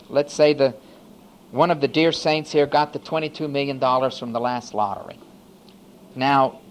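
A male pastor preaching a sermon, swinging from hushed asides to loud, emphatic declarations. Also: on the high side, slight background noise.

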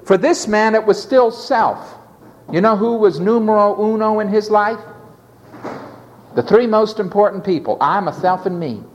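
A man's voice: high voice, unhurried, big-room sound, a little hiss or hum. A man preaching a sermon in an emphatic, dramatic way, acting out the voices he quotes.

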